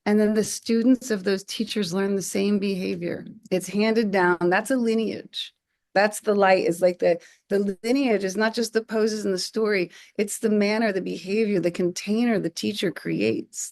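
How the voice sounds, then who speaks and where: A woman in her forties, a podcast guest, telling stories in an animated way, acting out quotes and often restarting her phrases. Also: medium pitch. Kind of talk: conversational podcast storytelling.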